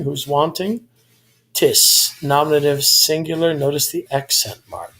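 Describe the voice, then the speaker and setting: A man tutoring Greek grammar in a recorded lesson, explaining step by step and correcting himself as he goes. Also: a little high. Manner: methodical, self-correcting explanations.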